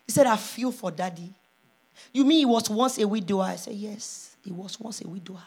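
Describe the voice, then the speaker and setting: A pastor's wife preaching a sermon, moving from hushed storytelling to loud, impassioned calls. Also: female voice, mid-range voice, fairly quick.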